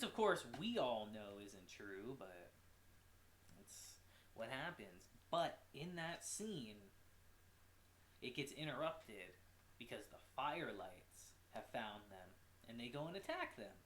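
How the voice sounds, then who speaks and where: A man giving a casual, animated recap of a show episode as a reviewer, with swearing and quick asides. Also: mid-range voice, echoey room, slight background noise. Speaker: anime reviewer.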